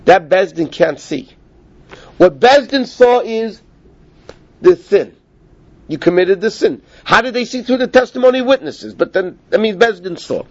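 A man teaching Talmud in a conversation, animated, acting out the voices of the people he quotes. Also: high-pitched, normal speed. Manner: animated, acts out quoted speakers. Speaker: Torah teacher. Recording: dull lo-fi recording.

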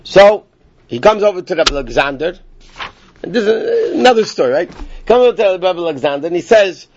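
Expressive and fairly quick, a man whose voice sits high gives an informal lesson through rambling, casual stories, frequently interrupting himself mid-sentence. The recording is dull, lo-fi, and dry, with slight background noise.

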